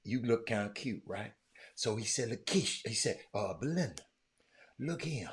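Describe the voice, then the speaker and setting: Animated man teasing his viewers. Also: mid-range voice, moderate pace. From Texas. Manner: animated, teasing viewers by name, often shouting. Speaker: livestream host talking sports. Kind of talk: casual live stream chat with viewers.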